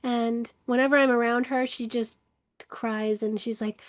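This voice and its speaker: A woman with a high voice teaches about emotional healing in an earnest, reflective way. She often repeats words for emphasis. The sound is dry and close, with no room echo. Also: steady tone, measured pace. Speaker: workshop leader in emotional healing. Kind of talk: casual spiritual teaching to camera.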